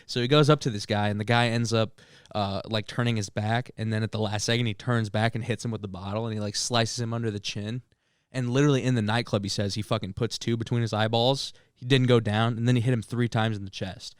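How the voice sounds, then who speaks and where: A young man, a podcast co-host, telling a story in casual chat among friends, animated, with filler words and swearing. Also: on the low side, fast talker, clean tone, dry recording, clean studio sound.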